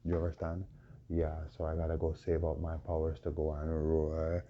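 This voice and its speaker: A man with a hoarse voice, preaching a proclaiming monologue full of repeated rhetorical questions. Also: rumbling low, completely flat delivery, moderate pace, warm tone. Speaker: self-styled preacher. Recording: dull lo-fi recording with faint noise.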